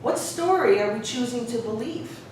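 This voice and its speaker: Woman, professor, reflective personal story, distant mic, faint rumble. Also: lively intonation, moderate pace, a little mellow, heavy reverb. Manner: conversational, reflective, lots of "you know".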